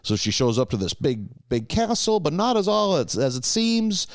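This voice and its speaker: Lässiger, fluchender Podcast-Mann. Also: male voice, on the high side, big pitch swings, normal speed, no room sound. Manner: laid-back, swearing, recaps plot with lots of "yeah". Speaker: podcast co-host. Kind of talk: casual chat recapping episodes.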